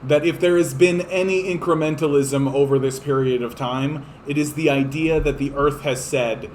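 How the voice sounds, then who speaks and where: A man's voice: fairly high pitch, steady tone, normal speed, hardly any pauses, a little mellow, slight background noise, poor audio. Profane, ranting man. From Canada. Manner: impassioned, profane, repetitive. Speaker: livestream host. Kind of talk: ranting political livestream monologue.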